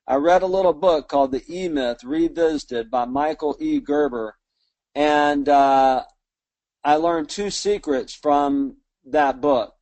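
A man's voice: fairly high pitch, darkish tone, no room sound. A man in his fifties from Alabama, speaking with a Southern accent and giving a motivational talk as a small business owner, folksy and self-deprecating. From Mobile, Alabama. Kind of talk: motivational storytelling speech.

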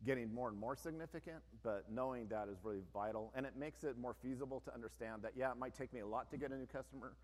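A man who owns a business, giving an informal, plain-spoken presentation to an audience, with frequent conversational asides. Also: mid-range voice. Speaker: business owner giving a talk. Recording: long reverb of a large hall.

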